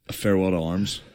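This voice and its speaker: Low-voiced man in teasing banter. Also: a little mellow. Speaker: podcast co-host. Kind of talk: casual podcast chat.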